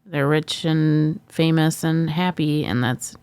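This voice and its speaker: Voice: medium pitch, fairly even intonation, slow pace, a little mellow, clean tone, no echo, studio quality. A podcast co-host in casual chat, mostly giving short agreeing replies and sometimes reflecting at length.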